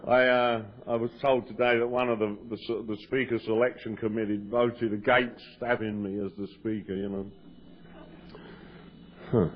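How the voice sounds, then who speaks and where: A man's voice: mid-range voice, level tone, normal speed, a little hiss or hum. An Englishman giving a joking, self-deprecating talk to a recovery meeting, often stammering and restarting. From England. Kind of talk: humorous personal talk to an audience. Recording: lo-fi 1990s cassette tape.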